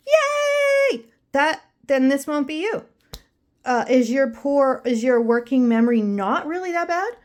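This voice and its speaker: A woman's voice: fairly high pitch, darkish tone. A young adult woman vlogging casually to her viewers, rambling and emotional as she drifts between topics. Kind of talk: casual chat to camera.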